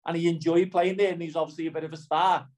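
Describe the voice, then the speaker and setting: A man's voice: fairly high pitch, flat delivery, very fast, a little mellow, low-quality recording. A middle-aged man with a Liverpool accent, chatting in an interview, rambling and often asking "do you know what I mean". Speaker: interviewee, footballer. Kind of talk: casual interview chat.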